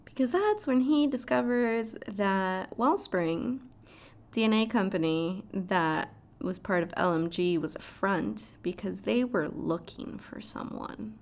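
A woman's voice: medium pitch, animated, takes it slowly. A woman casually recapping a show's plot, swearing freely and adding dramatic asides. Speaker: show recap vlogger.

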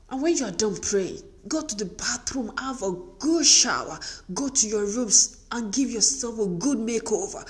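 A woman giving an earnest, emphatic, faith-based motivational talk to wives. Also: a little high. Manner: earnest, emphatic, repetitive exhortation.

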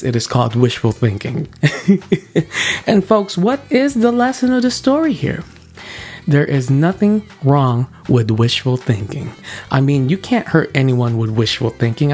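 A young man in his twenties hosting a podcast, telling a story in an animated, playful, self-mocking way. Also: mid-range voice, slightly rough. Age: 20s. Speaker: podcast host.

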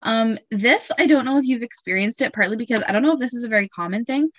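A woman in her thirties chatting casually about her young daughters, telling lively stories and acting out their voices. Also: fairly high pitch, quick pace, no room sound. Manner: animated storytelling, acts out her kids' voices. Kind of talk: casual chat.

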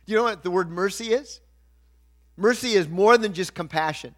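A middle-aged male pastor preaching a sermon, swinging from quiet asides to loud, emphatic points. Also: high-pitched, normal speed.

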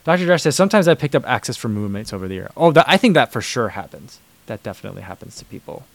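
A man's voice: medium pitch, very animated, fast talker, gravelly, no room sound. A man hosting a livestream, reading viewer comments and chatting casually with many fillers and restarts. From United States. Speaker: livestream host reading chat. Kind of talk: casual chat.

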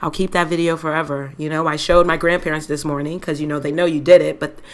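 A young woman co-hosting a podcast, telling a story in casual chat, animated and laughing, with some swearing. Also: deep voice, fast. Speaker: podcast co-host.

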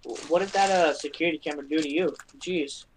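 A man's voice: a little high, quick pace, a crowd in the background. Young man teasing a friend. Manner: teasing, short reactions. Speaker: podcast guest. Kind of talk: casual chat.

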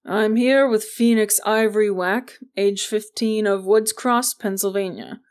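A woman's voice: medium pitch, close to an everyday voice. A woman doing a quirky male agent dictating. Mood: formal. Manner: slow, formal dictation.

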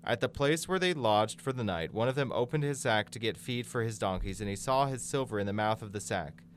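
A man giving a measured, scripted Bible reading, lending quoted speakers more emphasis. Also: fairly low pitch, expressive, a little hiss or hum. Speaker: Bible reader.

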